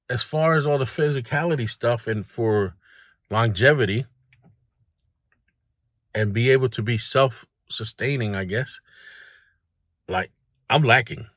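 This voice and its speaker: In a candid motivational monologue for a self-improvement video, a man with a lowish, fairly bright voice talks bluntly about his own struggles. He is plain-spoken and addresses the viewer directly, and the recording is dry and studio quality.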